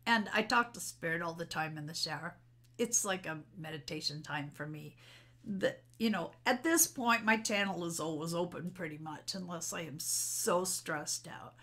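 A woman's voice: on the low side, moderate pace, sharp tone. A middle-aged woman talking unscripted to her camera at home, rambling in a candid, personal way. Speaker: spiritual vlogger. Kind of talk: unscripted solo talk to camera. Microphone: camera mic.

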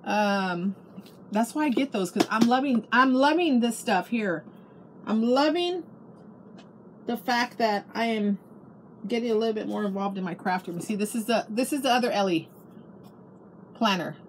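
A woman's voice: medium pitch, moderate pace, slight background noise. A middle-aged woman chatting casually at home about a craft haul, gushing and restarting her sentences. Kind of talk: casual show-and-tell chat.

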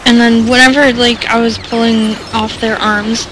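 A woman's voice: a little high, flat delivery, moderate pace, noisy background. Rambling, giggly woman doing game commentary. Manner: rambling, self-deprecating, giggly, many fillers. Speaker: let's play commentator. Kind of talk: casual gameplay commentary.

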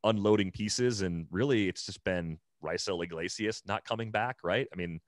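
A man's voice: low voice, normal speed, no room sound, clean studio sound. A man co-hosting a podcast, talking through baseball in a casual, analytical way with lots of "like" and restarts. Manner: analytical, thinks aloud with many "like" and restarts. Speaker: podcast co-host.

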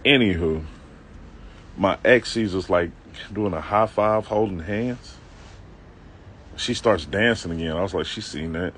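A man's voice: sits low, measured pace, long pauses, a bit bright, slight background noise. A man telling a comic story from his own life to a live-stream audience, loose and slangy, with self-mocking asides to his viewers. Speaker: comedic vlogger telling a story. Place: outdoors on a city street.

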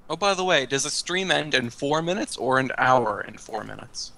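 A man co-hosting a livestream over a voice call, making quick joking remarks. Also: medium pitch, animated, vocal fry, bright, forceful tone. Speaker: co-host on call. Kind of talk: casual livestream chat.

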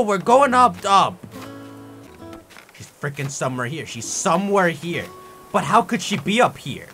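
A young man giving casual gameplay commentary, ranting in an animated, theatrically angry way. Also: high-pitched. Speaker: gaming YouTuber. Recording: faint music behind.

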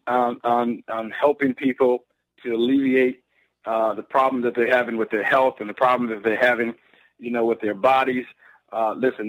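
A man's voice: mid-range voice, fairly bright tone, dry recording, poor audio. A man who is a pastor, speaking on a conference call with emphatic, preacher-like exhortation about sharing products. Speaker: pastor and business partner. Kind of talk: motivational sales talk.

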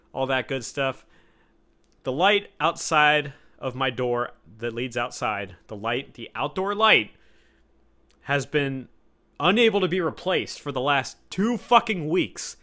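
A young man in his twenties hosting a solo podcast, rambling and swearing, dropping to mumbles and then bursting out loud. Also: mid-range voice, measured pace. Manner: rambling, profane, swings between mumbled asides and loud outbursts. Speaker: podcast host. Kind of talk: solo casual podcast rant. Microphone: home podcast mic setup.

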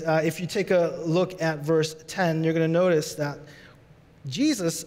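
A man preaching a sermon as pastor, animated, rising to high emphatic peaks. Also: big-room sound.

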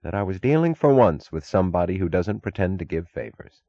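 A man's voice: sits low, brisk, no echo, dull audio. A man voicing a determined female railroad executive who speaks evenly and directly. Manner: even, direct, businesslike.

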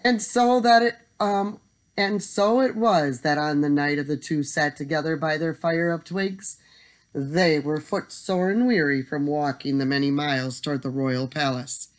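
Casting: a mid-pitched, expressive bedtime story reader. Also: a little slow.

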